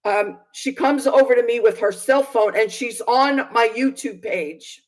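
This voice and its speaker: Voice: medium pitch, a little slow, low-quality recording. A Bible teacher on a video channel telling a personal testimony, indignant and hesitant, with many fillers and restarts. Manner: aggrieved, indignant.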